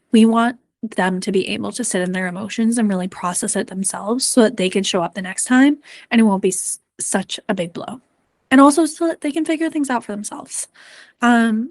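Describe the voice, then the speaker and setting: A woman's voice: mid-range voice, a little fast, no echo. Earnest woman coach, dry sound. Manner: earnest, gently encouraging, frequent ums. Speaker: mental performance coach. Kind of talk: presentation to parents and coaches.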